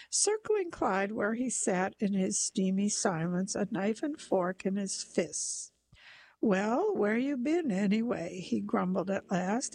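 A woman narrating a literary short story aloud in a slow, measured, softly dramatic way. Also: medium pitch, creaky, husky, rough recording.

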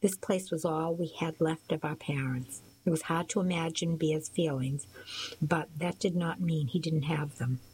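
Low-voiced woman reading a novel. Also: normal speed, darkish tone, slight background noise, poor audio. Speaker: audiobook narrator. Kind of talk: first-person audiobook narration.

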